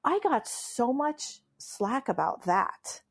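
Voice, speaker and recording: Gravelly woman telling funny stories. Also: a little high, very animated, slow. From Iran. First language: Farsi. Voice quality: laughs often, playful emphatic delivery. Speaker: memoirist and humorist guest. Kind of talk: animated interview storytelling.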